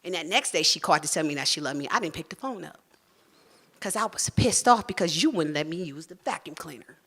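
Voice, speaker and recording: A woman telling a personal story on stage, frank and salty, acting out family members' voices in animated bursts. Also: low voice, fast, breathy edge. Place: stage at a live storytelling show.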